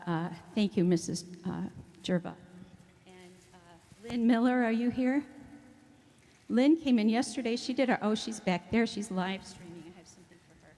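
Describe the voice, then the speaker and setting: A woman's voice: mid-range voice, warm tone. A woman who directs the choir gives chatty, emotional thanks to her helpers at a church event. Her voice sits in a middle range and drifts toward and away from the mic. The big hall adds a long echo around her. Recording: echoey hall, mic often far off.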